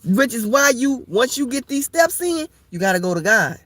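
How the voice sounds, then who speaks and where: A woman's voice: on the high side, very animated, normal speed, fairly bright tone, dry recording. A woman leading an informal Bible study, repetitive and playful, laughing often as she preaches.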